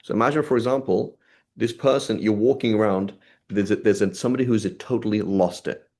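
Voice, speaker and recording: A man with a fairly low voice teaches a religious class. He talks in a loose, conversational way, reads short passages and then explains them plainly, and often checks in with his listeners. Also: fairly quick, a little mellow. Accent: British English. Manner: conversational, asks "right?" often, reads Arabic then paraphrases. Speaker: Islamic studies teacher. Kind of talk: class lecture on a classical text.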